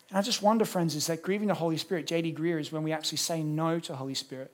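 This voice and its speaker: A man's voice: a little high, fairly even intonation, very fast, few pauses. A man preaching a sermon as pastor, acting out little dialogues as he goes.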